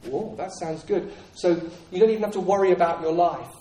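A man's voice: high-pitched, a little fast, mellow. A man preaching a sermon in an earnest, repetitive way with frequent restarts. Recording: echoey room, voice from a distance.

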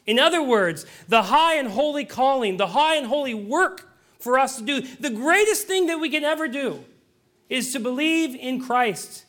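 A man's voice: extremely high pitch, expressive, moderate pace, pushed and bright. A man preaching a sermon as pastor, earnest, with joking asides. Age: adult.

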